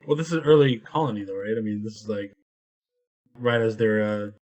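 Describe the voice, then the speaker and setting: A man's voice: lowish voice, brisk, darkish tone. A man co-hosting a podcast in casual film review chat, laid-back and agreeable. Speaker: podcast co-host. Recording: dull lo-fi audio.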